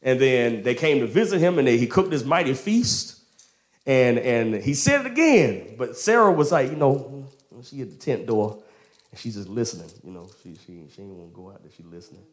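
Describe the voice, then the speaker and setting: Male preacher, casual storytelling sermon, slangy, lively pitch swings, medium register. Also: moderate pace. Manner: animated, slangy, laughs often.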